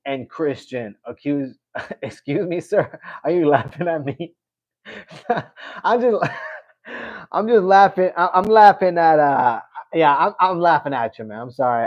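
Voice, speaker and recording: A man's voice: a little high, no echo, muffled recording. A man hosting a casual MMA livestream, chatting to viewers, reading comments aloud and often breaking into laughter. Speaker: MMA channel host.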